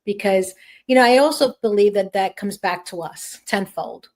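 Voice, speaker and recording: A woman's voice: medium pitch, normal speed. A woman hosting a podcast interview, speaking in an encouraging, affirming way. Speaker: podcast host. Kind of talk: conversational interview.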